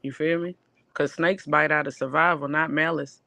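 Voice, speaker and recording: A woman with a Southern US accent co-hosting a casual barbershop-style chat, talking in a loose, animated way full of fillers. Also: sits low, normal speed, vocal fry, dry recording. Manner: animated, drawling, lots of fillers. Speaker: podcast co-host.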